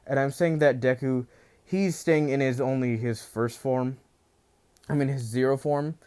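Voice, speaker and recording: A man's voice: medium pitch, fairly even intonation, unhurried, a little mellow, smooth. A man casually telling a fan fiction story, rambling with many restarts and filler phrases. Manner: rambling, full of "you know" and restarts.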